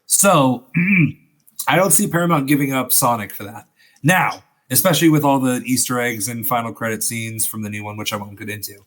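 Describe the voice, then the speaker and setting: A man co-hosting a podcast, reasoning aloud in a measured way. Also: medium pitch, a bit bright. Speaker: podcast co-host. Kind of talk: casual podcast chat.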